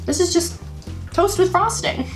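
A woman's voice: extremely high pitch, a little slow. A woman guest co-hosting a casual taste test, playful and giggly as she tries each snack. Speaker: guest co-host. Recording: echoey room with faint music.

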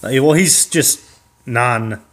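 A man's voice: medium pitch, slow pace, fairly bright tone. A man chatting casually about a comedy character, laughing often and acting out bits of dialogue. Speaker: co-creator describing a character. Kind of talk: casual chat.

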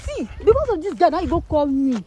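A woman's voice: high voice, very animated, quick pace, slight background noise. A woman with a Nigerian accent playing a domineering sugar mummy who scolds angrily in an improvised skit. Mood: scolding. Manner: angry, scolding in Pidgin, shouting.

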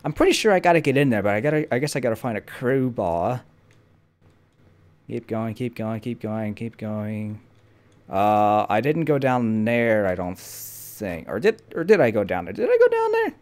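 A man's voice: on the low side, expressive, moderate pace, darkish tone. Jokey man narrating his gameplay. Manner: jokey, swears a lot, talks to himself. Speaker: gameplay host. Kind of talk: casual gameplay commentary.

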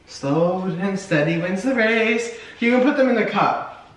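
A young man running a chaotic baking challenge, bossy and loud, swearing and laughing as he calls out instructions in a home kitchen. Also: sits high, lively intonation, measured pace. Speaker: vlogger directing a baking challenge. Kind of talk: rowdy casual chat. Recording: echoey room, mic far off, noisy.

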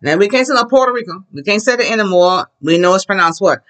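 A Spanish teacher leading a classroom lesson, enthusiastic and slowing down to model words for the class to repeat. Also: mid-range voice, expressive, a bit bright. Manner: slows down to model pronunciation.

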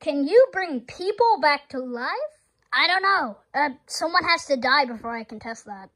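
A woman's voice: high-pitched, animated, normal speed, a bit bright, poor audio. A woman voicing a playful cat monster toy in a homemade toy movie, chatting and wondering aloud as it tests its powers. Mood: curious.

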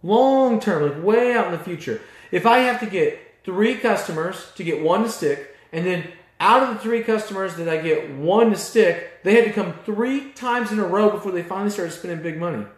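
A man's voice: high voice, expressive, moderate pace, few pauses, echoey room. Fired-up blunt man coaching shop owners. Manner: blunt, passionate, mildly profane. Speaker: auto repair business coach. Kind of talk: fired-up motivational talk.

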